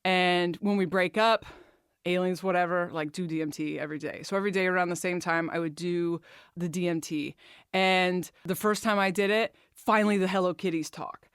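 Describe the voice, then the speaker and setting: A woman's voice: fairly low pitch, fairly even intonation, moderate pace, smooth, no echo, studio quality. A woman hosting a podcast, telling a candid, emotional personal story, swearing freely and talking openly about her feelings. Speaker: podcast host.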